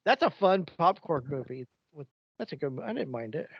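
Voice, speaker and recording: A man, co-hosting a podcast and telling stories in casual, animated chat. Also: on the high side, a little fast, creaky, husky, no room sound, dull audio. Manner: rambling, animated storyteller. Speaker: podcast co-host.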